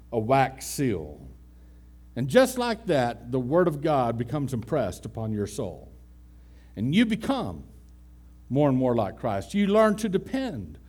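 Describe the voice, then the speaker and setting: Male preacher, sermon delivery, slightly high voice, unhurried, emphatic build-and-fall cadence. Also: darkish tone. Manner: emphatic, repetitive cadence with swelling and falling delivery.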